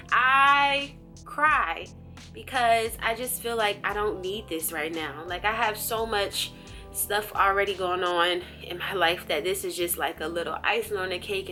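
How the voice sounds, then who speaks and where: Woman vlogger, bright clear voice, animated storyteller, faint music underneath. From USA. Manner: animated, jumps high in pitch when acting out her own thoughts. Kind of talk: casual vlog storytelling.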